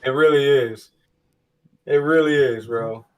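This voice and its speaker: A man's voice: mid-range voice, unhurried, far from the mic. A man hosting a casual gaming podcast, talking bluntly and emphatically with plenty of swearing. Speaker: podcast host.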